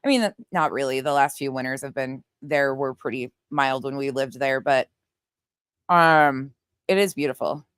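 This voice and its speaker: A woman's voice: extremely low pitch, normal speed, a bit bright, smooth, dry recording, clean studio sound. A middle-aged woman with a Southern US accent, chatting casually on a livestream and reading out viewer comments, laughing often and swearing now and then. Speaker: livestream host.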